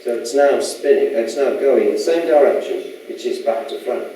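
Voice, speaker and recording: A man's voice: medium pitch, normal speed, warm tone. A man giving a casual public lecture in a chatty, rambling way, often asking the audience questions. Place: lecture room. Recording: echoey hall from far off with faint noise.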